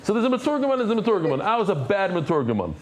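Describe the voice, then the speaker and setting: Male Talmud teacher, slightly high voice, very lively pitch, explains terms as he goes and jokes with the class. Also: very fast. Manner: animated, repeats phrases, explains Hebrew and Aramaic terms in English; jokey asides to the class.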